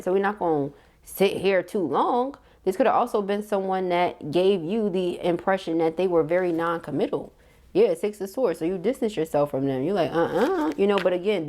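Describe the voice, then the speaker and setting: A middle-aged woman giving a casual, slangy tarot reading to camera, chatty and quick to laugh. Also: lowish voice, mellow. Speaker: tarot reader.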